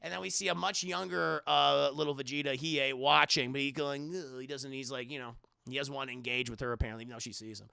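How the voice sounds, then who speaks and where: A man recaps an anime episode for his live chat in a very gravelly, tense, bright voice. He swears freely and keeps jumping into the characters' lines. The recording is close and completely dry. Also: mid-range voice, fast, no echo. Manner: profane, animated, acts out every character. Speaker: anime reviewer.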